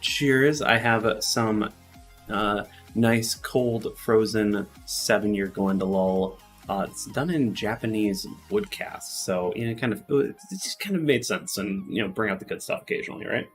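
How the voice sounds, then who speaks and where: Chatty Midwestern man, low voice. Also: unhurried, soft background music. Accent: Midwestern American. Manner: relaxed, chatty, lots of uh fillers. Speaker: streamer. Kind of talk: casual game stream chat.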